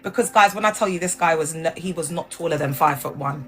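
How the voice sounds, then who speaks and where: A woman chatting casually to viewers on a livestream, animated and laughing, her voice jumping up high when she gets excited. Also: fast talker, faint music behind. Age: adult with grown children. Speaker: livestream host. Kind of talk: casual chat.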